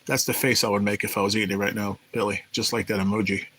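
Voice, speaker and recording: Speaking quickly and flatly, this livestream host has a fairly low but somewhat bright voice, captured on a rough recording. He rambles through profane stories from his restaurant cook days, reading viewers' chat aloud as he goes in a casual live chat.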